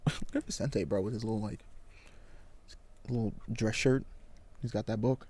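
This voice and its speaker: Man, excitable, slangy, reading a comic aloud, dry recording. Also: lowish voice, normal speed, long pauses, breathy edge, no room sound. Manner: excitable, exclaiming, casual slang. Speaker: comic reaction streamer.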